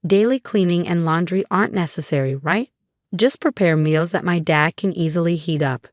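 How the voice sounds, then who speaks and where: A woman reading the part of a cold, controlling husband who talks down to his wife. The voice sits a bit low and sounds dry and close, with no room around it. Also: normal speed, dry recording, close to an everyday voice. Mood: cold, demanding.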